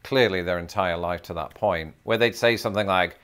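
An Englishman chats straight to camera in a comedic vlog, his voice sitting on the lower side. His humor is dry and self-deprecating, with jokes delivered matter-of-factly. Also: fairly even intonation, moderate pace, hardly any pauses, fairly bright tone, smooth. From England. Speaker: YouTuber. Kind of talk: comedic talking-head vlog.

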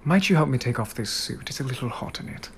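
Guy doing a flirty posh british cat hero gentleman, low whispery and a bit gravelly, smooth and teasing. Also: expressive, fast, a little hiss or hum, natural voice. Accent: put-on posh British. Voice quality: low, sultry, half-whispered.

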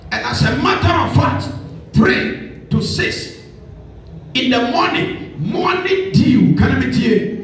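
A man's voice: very high voice, expressive, takes it slowly, creaky, long pauses, fairly bright tone, distant mic, faint music behind. Ghanaian man preaching in a very echoey hall. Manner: call and response, emphatic. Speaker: prophet preacher. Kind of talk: sermon.

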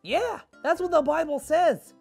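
With a high, unhurried voice and a sheepish mood, a performer portrays a sarcastic, easily annoyed kid in a church skit for children. The character grumbles in a dry, deadpan way as music plays faintly in the background.

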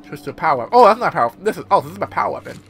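A man giving casual let's-play commentary as he plays, excitable and swearing often with sudden outbursts. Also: a little high, very fast. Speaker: gameplay commentator. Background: game music.

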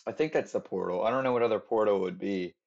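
Male streamer, slightly low voice, loose rambling commentary on a dull, lo-fi mic with steady noise behind. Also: quick pace, creaky. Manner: rambling, self-deprecating chatter to viewers. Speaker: streamer playing a horror game. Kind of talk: casual let's-play commentary.

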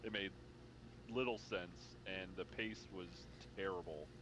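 A young adult man co-hosting a casual movie review talk, blunt in his opinions and animated when he recalls being confused. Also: sits low, takes it slowly, background noise. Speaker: co-host.

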